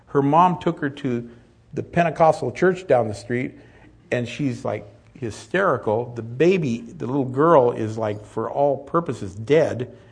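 A man's voice: medium pitch, husky. A middle-aged man preaching a sermon as pastor, earnest and rising to emphatic peaks.

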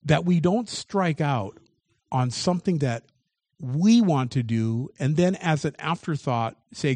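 A man's voice: a little high, lively intonation, measured pace, darkish tone, no room sound. A man preaching a sermon as pastor, reading scripture aloud and commenting on it with shifting emphasis.

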